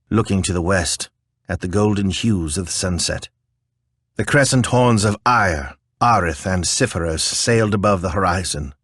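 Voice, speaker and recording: Deep voiced guy reading a fantasy book, slow, calm, dry close sound. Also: slightly rough, dry recording. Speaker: audiobook narrator. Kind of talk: scripted fantasy narration.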